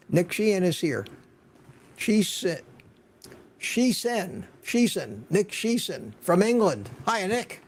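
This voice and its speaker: An older man hosting a live online show in a relaxed, chatty way, his fairly high voice edged with gravelly fry. He greets viewers one after another and doubles up words when he wants to stress something. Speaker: host. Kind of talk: casual livestream chat.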